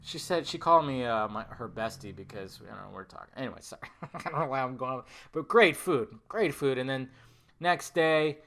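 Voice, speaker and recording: A middle-aged man hosting a podcast, telling a rambling, animated personal story with lots of swearing and acted-out quotes. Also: medium pitch, normal speed. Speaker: podcast host. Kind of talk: casual storytelling monologue.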